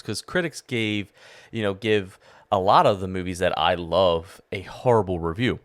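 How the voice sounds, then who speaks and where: A man's voice: lowish voice, a bit bright, smooth, no echo, studio quality. Enthusiastic man rambling a podcast review. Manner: enthusiastic, rambling, with frequent fillers and restarts. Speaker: podcast host. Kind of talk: casual solo podcast review.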